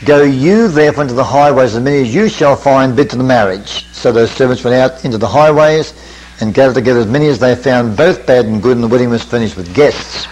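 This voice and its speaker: An older man preaching at a camp meeting, leading a measured Bible study that quotes scripture and puts questions to his listeners. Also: mid-range voice, darkish tone, poor audio. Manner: measured, questioning teacher, quotes scripture in King James wording.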